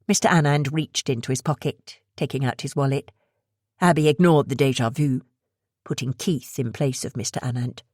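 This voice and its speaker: A woman with a deep, low-set voice reads a suspense novel aloud in a steady, measured delivery. The sound is close and completely dry, with no room around it. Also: dry recording. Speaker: audiobook narrator. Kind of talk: scripted thriller narration.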